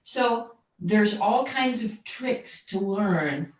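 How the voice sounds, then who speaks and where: A woman coaching on the voice in an easygoing interview, explaining technique and checking in with a steady "right?" as she goes. Her voice sits back from the microphone in a roomy, echoing space. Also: mid-range voice, extremely slow. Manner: explanatory, often adds "right?", repeats words when searching. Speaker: guest voice coach and jazz singer. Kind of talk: conversational livestream interview. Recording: roomy echo, distant from mic.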